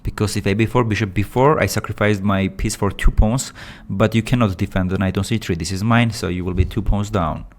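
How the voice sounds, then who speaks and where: A man with phrasing giving excitable, animated live commentary on a chess game. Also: fairly low pitch, a little fast, few pauses. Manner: animated, excitable, with non-native English phrasing.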